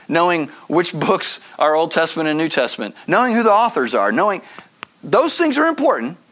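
A man's voice: fairly high pitch, fairly bright tone. A man preaching a sermon, explaining scripture in an earnest teaching manner with conversational asides. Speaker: pastor.

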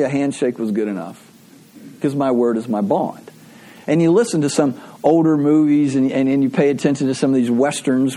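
Husky middle-aged male pastor preaching. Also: mid-range voice. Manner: conversational storytelling, animated. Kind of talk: sermon.

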